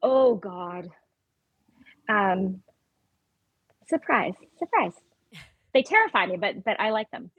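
Woman, husky breathy voice, dry close mic, casual podcast guest, chatty. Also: mid-range voice, dry recording, narrow, tinny audio. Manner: chatty storyteller, quick one-word answers. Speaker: guest actor.

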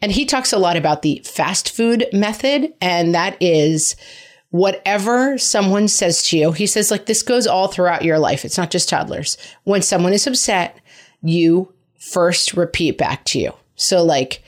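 A middle-aged woman with a lowish voice hosts a parenting advice podcast. She talks in a casual, wry, reassuring way and drops in quick joking asides. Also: animated.

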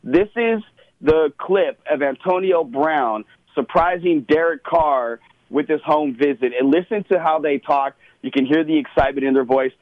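Opinionated sports radio host, tinny sound. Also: male voice, fairly high pitch, moderate pace, no room sound. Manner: opinionated, conversational. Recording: tinny phone-like radio audio, dry.

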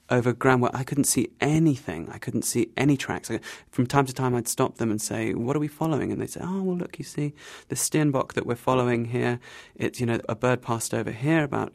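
A man interviewed about his travels, telling his story in an animated, wry way and laughing at himself. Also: mid-range voice, vocal fry, dry recording, studio quality. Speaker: interview guest.

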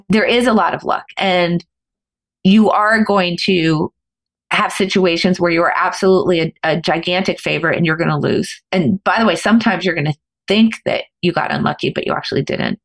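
A middle-aged woman, a podcast guest, telling a story in an animated, fast-flowing way with frequent restarts. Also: on the low side, creaky, slightly rough. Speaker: guest, former professional poker player.

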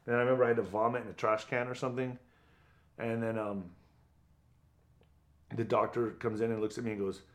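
Low-voiced man telling a blunt story. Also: fairly even intonation, fairly quick, pauses often. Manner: blunt, profane, vivid retelling with acted quotes. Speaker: guest, former boxer. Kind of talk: candid storytelling interview.

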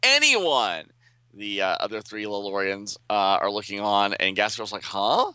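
A man's voice: fairly low pitch, moderate pace, smooth, dry recording. A man co-hosting a casual podcast, playfully retelling a comic book story. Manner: playful, animated, laughs easily. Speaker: podcast co-host.

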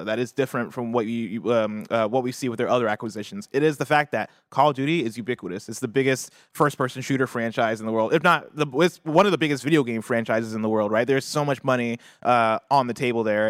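Male co-host, mid-pitched, talkative and searching, dry close mic. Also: fairly bright tone, dry recording. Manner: rambling, restarts, many fillers and tag questions. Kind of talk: casual gaming news chat.

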